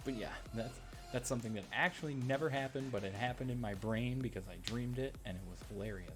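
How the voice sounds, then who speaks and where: A man's voice: mid-range voice, fast, music in the background. A man telling a rambling story in a casual vlog, full of fillers and asides. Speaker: channel host telling a story.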